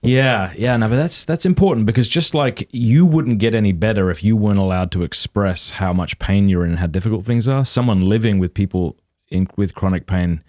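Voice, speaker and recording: A man's voice: lowish voice, brisk, darkish tone, no room sound, clean studio sound. A middle-aged man hosting a podcast, talking in an earnest, supportive way and laughing easily. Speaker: podcast host. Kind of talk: casual conversation.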